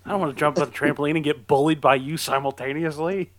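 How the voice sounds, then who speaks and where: A man tossing in quick wisecracks during a casual chat. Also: a little high, steady tone, crowd noise.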